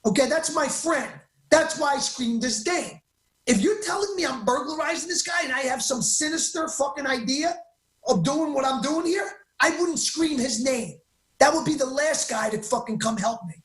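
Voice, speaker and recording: A man as an interview guest, telling his story in an excitable, emphatic way and often cutting himself off mid-sentence. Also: very high-pitched, normal speed, roomy sound.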